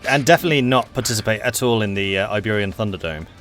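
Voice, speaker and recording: Over soft background music, a game match host with a lowish, somewhat bright voice commentates a multiplayer strategy stream at a quick pace. His manner is enthusiastic and talkative, and he's quick to laugh.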